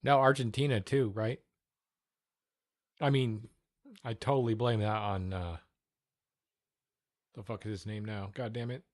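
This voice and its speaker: Low-voiced profane male streamer. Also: steady tone, measured pace, pauses often, no room sound, clean studio sound. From United States. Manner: profane, offhand, mutters while reacting to videos. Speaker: streamer host. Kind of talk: casual livestream chat.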